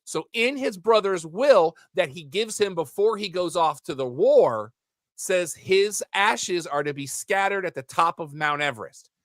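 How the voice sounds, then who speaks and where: A man co-hosts a casual podcast and works through movie plots in a rambling, animated way. His pitch swings widely as he talks. The sound is dry and close, with no room around it. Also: a little slow, no room sound. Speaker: podcast co-host.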